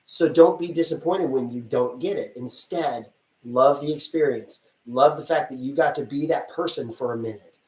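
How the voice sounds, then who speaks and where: A man who works as a casting director is answering audience questions in a chatty, energetic way, acting out little scenes as he talks. His voice sits at an ordinary pitch, and it sounds roomy and distant, as if the mic is some way off. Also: normal speed. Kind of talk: live-stream Q&A answers.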